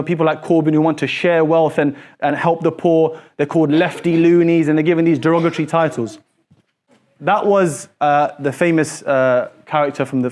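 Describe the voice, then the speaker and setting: A man teaching a classroom lesson, quizzing his students with quick repeated questions in an animated way. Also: fairly high pitch.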